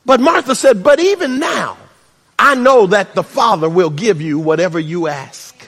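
Male pastor preaching, very high voice, long hall reverb, shouts and hushed asides. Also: normal speed. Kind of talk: sermon.

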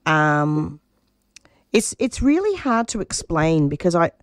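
A woman's voice: deep voice, sing-song, slow pace, dry recording. Brief: middle-aged woman guest, passionate and emphatic, dry close mic. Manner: earnest and emphatic, often restarting phrases. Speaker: radio producer and interview guest. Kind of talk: personal interview answers.

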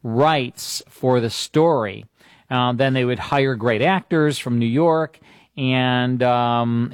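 A man hosting, giving a relaxed introduction to an old radio drama, with fillers. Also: mid-range voice, no echo, studio quality. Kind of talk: casual introduction.

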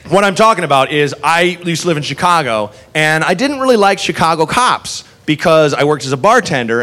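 A man doing stand-up, telling a long story in a profane, animated way and acting out the people in it. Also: fairly high pitch. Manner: animated, profane, acts out characters. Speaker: stand-up comedian. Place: comedy club stage. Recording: live stage recording with crowd and noise.

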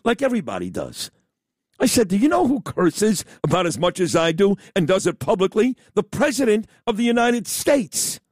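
A man's voice: a little high, a little mellow, no echo, clean studio sound. A man hosting a radio talk show, talking in a blunt, emphatic, rambling way. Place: radio studio. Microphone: studio mic.

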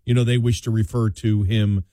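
A man's voice: fairly low pitch, flat delivery, moderate pace, warm tone, no room sound, studio quality. A man hosting a political talk radio show, rambling with many restarts and fillers in an incredulous tone.

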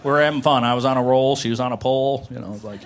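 A man's voice: medium pitch, racing, heavy background noise. A man doing a stand-up comedy set in a dry, understated way.

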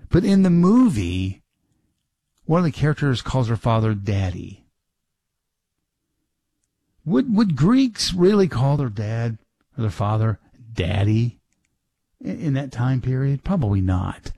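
A middle-aged male radio host talks loosely, circling back and restarting his thoughts as he goes. His voice sits at an ordinary middle pitch. The sound is dry and close, with no room around it. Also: very animated, unhurried, long pauses, mellow, dry recording. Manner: rambling, with many restarts and fillers. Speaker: radio talk show host. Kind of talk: casual talk radio monologue.

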